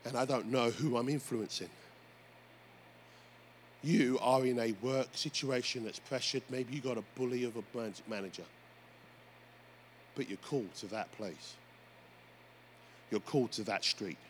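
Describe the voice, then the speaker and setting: A man preaching a sermon as pastor, telling stories with lively energy and calling out to the congregation. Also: mid-range voice, measured pace, pauses often. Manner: animated storytelling preacher, often addressing "folks". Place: church. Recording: faint background noise.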